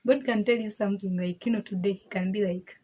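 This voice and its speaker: A woman speaks frankly in a personal testimony, with a very husky, breathy voice and a mellow, warm tone. She talks in emphatic bursts, repeats words and restarts her sentences, and laughs between points. Her pitch sits in the middle range. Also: steady tone, fast, rough recording. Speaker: vlogger sharing her faith testimony.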